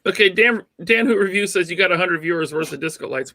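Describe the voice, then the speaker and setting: A man's voice: sits high, quick pace, sharp tone, no echo. A man co-hosting a casual podcast, opinionated and teasing, with lots of fillers. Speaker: podcast co-host. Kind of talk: casual chat.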